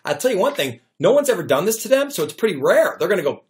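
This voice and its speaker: A man's voice: high voice, sing-song, rapid-fire, hardly any pauses. A middle-aged man giving sales training tips straight to camera, talking energetically and acting out bits of customer dialogue.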